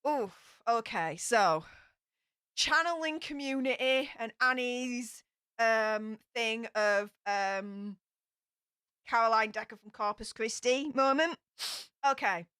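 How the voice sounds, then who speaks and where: A woman's voice: a little high, slow, sharp tone, clear, resonant tone, no room sound, studio quality. A woman with a Yorkshire accent hosting a livestream, chatting casually and reading viewer comments aloud in an upbeat, chatty way. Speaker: livestream host.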